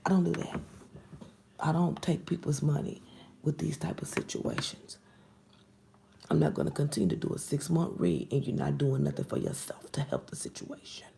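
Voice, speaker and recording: A woman's voice: deep voice, animated, moderate pace, gravelly, mellow, slight background noise. A woman giving a casual tarot reading to camera, blunt and exasperated, often dropping into whispered asides. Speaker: tarot reader.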